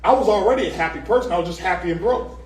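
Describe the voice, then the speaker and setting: A man giving a lively motivational seminar talk, telling stories and joking with a live audience. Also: sits high, rapid-fire. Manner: animated storyteller, jokes with the crowd, asks for hands. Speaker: motivational speaker on stage. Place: large event hall. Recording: echoey hall, distant mic.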